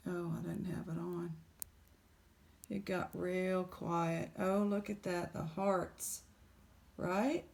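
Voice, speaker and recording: A woman, casually chatting in a jewelry vlog, excited and exclaiming in shock. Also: on the low side, takes it slowly, creaky, pauses often. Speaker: jewelry unboxing vlogger.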